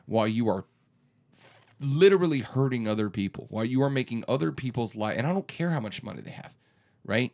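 A man's voice: medium pitch, expressive, normal speed, a little mellow. A man in his thirties who hosts a radio morning show, speaking in an earnest, emphatic way with frequent restarts during a conversational interview.

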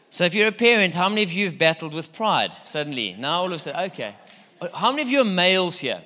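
A man's voice: high voice, expressive, fast, pushed and bright. A middle-aged man preaching a sermon in a church hall, chatty and playful, quizzing his congregation. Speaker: pastor.

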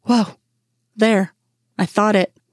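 A woman voicing an exasperated grown woman, a sharp FBI doctor, in a fan story reading. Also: medium pitch, steady tone, slow pace, no echo, studio quality. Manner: exasperated, pleading.

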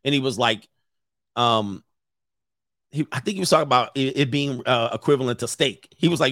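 A man's voice: medium pitch, normal speed, pauses often, a bit bright, no echo, clean studio sound. A man in his forties, a relationship coach chatting casually on a livestream, joking and rambling and laughing often. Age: 40s.

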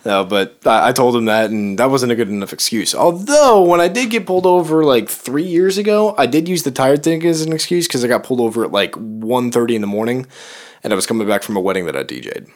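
A young man from Chicago telling a story in casual podcast chat, animated and full of profanity. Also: medium pitch, fast. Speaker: podcast co-host.

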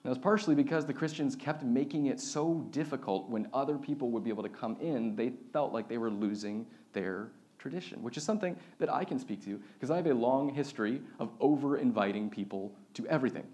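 A man in his thirties, a pastor, preaching a sermon with lively personal stories and acted-out voices. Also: mid-range voice, a little fast, hardly any pauses. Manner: animated storytelling, acts out quoted voices.

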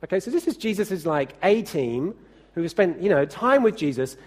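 A man's voice: high-pitched, sing-song, moderate pace, a little mellow. A man preaching a sermon in a conversational way, often asking the congregation questions and telling anecdotes. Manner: chatty, asks the congregation questions.

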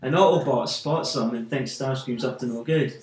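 A man, a podcast host, retells a comic story in an animated, casual way with frequent fillers. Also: medium pitch, moderate pace. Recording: echoey room with faint music.

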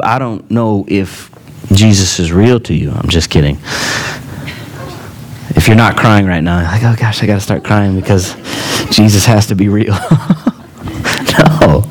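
Casual, joking male preacher, lowish voice. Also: a little hiss or hum. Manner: conversational, joking asides, earnest. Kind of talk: sermon.

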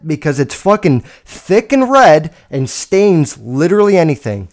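A young man tells stories on his own podcast in a blunt, rambling way, swearing all the time. His voice sits a little high for a man. He swings between loud, excited bursts and quiet, low mutters. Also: moderate pace. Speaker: podcast host. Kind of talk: casual solo podcast storytelling.

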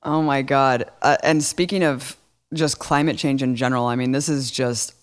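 A man's voice: mid-range voice, steady tone, normal speed, clear, resonant tone. A man co-hosting a casual political talk show, indignant and sarcastic, stacking rhetorical questions. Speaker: podcast co-host.

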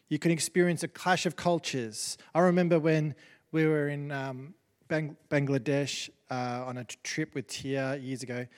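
A man, a pastor giving a chatty, self-deprecating sermon with many restarts. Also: a little high. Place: church. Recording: long reverb of a large hall.

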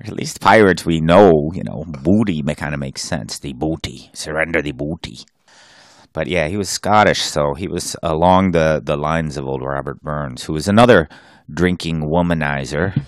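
A man's voice: extremely low pitch, normal speed, no room sound, clean studio sound. A man co-hosting a podcast, joking around, laughing and slipping into growled pirate talk. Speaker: podcast co-host. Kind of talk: casual chat with pirate-voice jokes.

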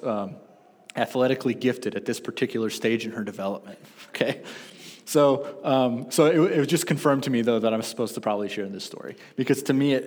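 A man in his thirties preaching a sermon, telling stories with lively self-deprecating asides. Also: medium pitch, husky. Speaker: pastor. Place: church sanctuary. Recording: long reverb of a church hall.

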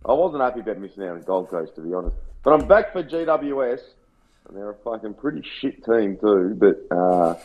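A man's voice: on the low side, sing-song, fairly quick. A man with an Australian accent, co-hosting a casual sports podcast with brash, sweary banter. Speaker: podcast co-host. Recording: tinny phone-like line.

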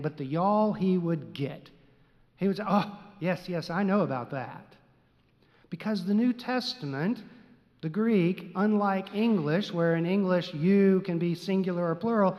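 A man's voice: sits high, lo-fi sound. A middle-aged man from Texas, a preacher telling a humorous story in a sermon in a wry, playful way with dry asides. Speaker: preacher and seminary teacher. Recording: long reverb of a large hall.

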